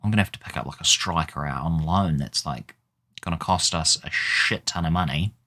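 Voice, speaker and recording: A man's voice: very deep voice, a little fast, sharp tone. A man giving casual gameplay commentary, exasperated and swearing as he mutters at the game. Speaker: gaming YouTuber.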